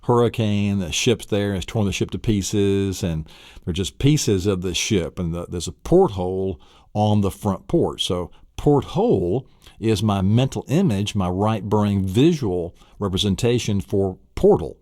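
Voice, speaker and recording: Man, middle-aged, audio lesson instructor, low voice, enthusiastic, dry close sound. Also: lively intonation, a little slow, a little mellow, dry recording. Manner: enthusiastic, laughs often, teacherly. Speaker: memory course instructor.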